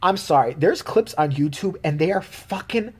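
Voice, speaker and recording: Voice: medium pitch, normal speed, slightly rough. Vlogger ranting to camera, swears a lot, laughs a bunch, voice bouncing up and down. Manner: animated, profane, laughs often. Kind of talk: casual rant to camera.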